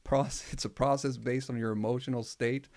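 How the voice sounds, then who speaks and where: Here a music producer hosts a laid-back livestream in a steady, medium-pitched voice with a darkish tone and normal pace. He drifts from point to point, laughing frequently and swearing a lot.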